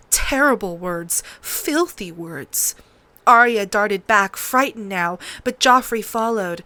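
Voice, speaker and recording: A woman narrates an audiobook with dramatic, lively expression. Her voice is fairly high and very bright. The recording is close and dry, with no room sound. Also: dry recording. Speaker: audiobook reader.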